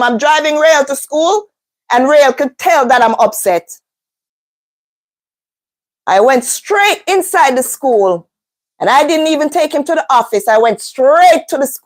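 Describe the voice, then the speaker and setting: A woman talks straight to camera in a casual storytime. Her voice sits high for a woman. She tells it with animation, jumping into different voices for each person. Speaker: vlogger, mother of a schoolboy.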